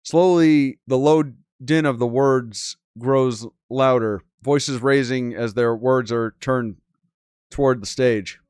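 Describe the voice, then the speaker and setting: A man's voice: mid-range voice, slow pace, darkish tone, clear, resonant tone, no echo, clean studio sound. A man hosting a gaming channel, reading a game's story aloud with casual, crude commentary and disbelieving asides.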